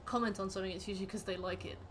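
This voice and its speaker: A woman's voice: medium pitch, steady tone, rapid-fire, a little hiss or hum. A woman streaming a game, chatting casually with her viewers in a rambling, playful way. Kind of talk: casual chat while gaming.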